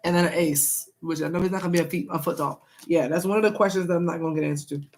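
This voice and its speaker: A woman's voice: lowish voice, steady tone, very fast, darkish tone. A young woman doing a casual live-stream tarot reading, chatting with viewers and repeating herself.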